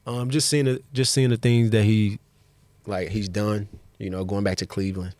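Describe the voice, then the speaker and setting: A man guest on a sports podcast, chatting casually in a laid-back way, often pausing with fillers as he thinks. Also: fairly low pitch, level tone, a little mellow, no echo. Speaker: basketball player guest.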